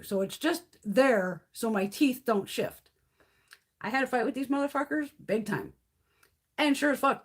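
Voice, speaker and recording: A middle-aged woman chatting casually on a beauty livestream, her voice placed high and swinging widely between notes. She rants with heavy profanity and replays her own comebacks. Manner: heated, profane storytelling, acting out her own replies. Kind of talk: casual livestream chit-chat.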